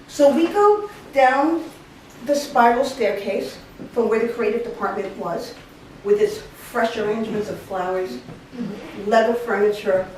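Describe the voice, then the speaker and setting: A woman's voice: medium pitch, a little hiss or hum. A Puerto Rican woman in her forties telling a comic story live on stage, acting out the voices of the people in it. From Puerto Rican family. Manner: animated, comic, acts out quoted voices. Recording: echoey room, mic from a distance.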